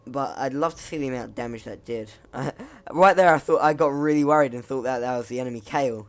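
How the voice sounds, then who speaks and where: Talking fast at a medium pitch, a man rambles casually over his gameplay. He chuckles at himself, pokes fun at his own moves, and his voice cracks now and then.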